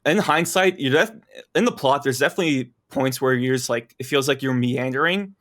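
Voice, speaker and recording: A man's voice: mid-range voice, fairly quick, a bit bright. A man in casual podcast chat, easygoing, talking with lots of filler words. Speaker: podcast guest.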